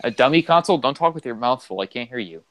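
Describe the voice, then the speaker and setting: A man's voice: mid-range voice, expressive, quick pace, fairly bright tone, soft background music, low-quality recording. A man co-hosting a casual gaming chat, rambling through game trivia with lots of fillers. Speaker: co-host.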